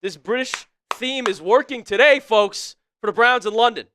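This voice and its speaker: A young man calling football plays on a live fan stream, shouting at big plays, laughing often, and putting on a playful mock British accent. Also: extremely high pitch, moderate pace, no room sound, studio quality. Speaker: live stream co-host doing play-by-play.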